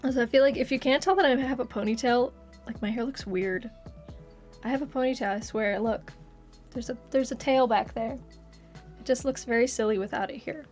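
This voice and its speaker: A woman's voice: a little high, a little fast, a little mellow, soft background music. Giggly Texan woman streamer. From Texas. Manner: chatty, giggly, laughs often. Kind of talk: casual live-stream chat with viewers.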